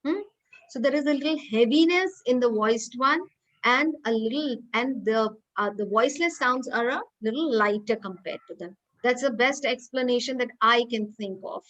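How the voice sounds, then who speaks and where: A woman's voice: fairly high pitch, moderate pace, a bit bright, low-quality recording. A woman with an Indian English accent lecturing an online class, patient and repeating key points step by step.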